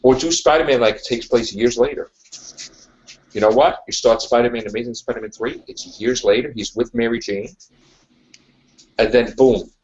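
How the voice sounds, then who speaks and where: A man's voice: mid-range voice, moderate pace, long pauses, a little mellow, lo-fi sound. A man hosting a casual podcast chat, ranting emphatically and repeating his points. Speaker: podcast host.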